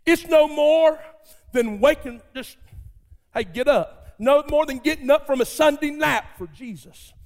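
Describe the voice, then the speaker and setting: A man's voice: very high voice, a little slow. A man preaching a sermon in a church, telling the story dramatically and fervently in a colloquial way. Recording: long reverb of a large hall.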